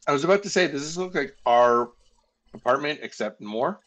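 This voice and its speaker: A man's voice: fairly high pitch, expressive, normal speed, a bit bright, rough recording. A man playing a tabletop game, making wry, joking quips. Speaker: player. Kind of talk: casual tabletop play.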